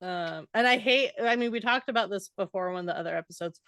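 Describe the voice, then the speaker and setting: A woman's voice: medium pitch, fast talker, a bit bright, dry recording, clean studio sound. A woman co-hosting a casual book podcast, recapping chapters, reading passages aloud and swearing casually. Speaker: podcast co-host.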